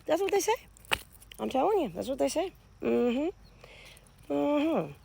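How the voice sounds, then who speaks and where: A woman gives a casual tarot reading with a gravelly edge to her voice. Her pitch swoops up and down as she speaks to her viewers directly. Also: slow pace, background noise. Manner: animated, addresses viewers directly. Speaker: tarot reader.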